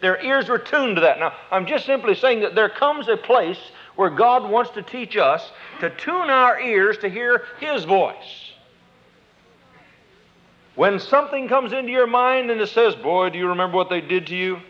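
Man, preacher, sermon, high-pitched, folksy, quotes scripture, dull old recording. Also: animated, measured pace. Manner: folksy, acts out inner dialogues, quotes scripture.

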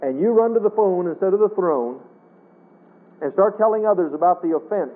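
A high-pitched male preacher delivers an earnest sermon, quoting scripture in King James wording. His voice comes through a thin, phone-like radio broadcast. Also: animated, a little fast.

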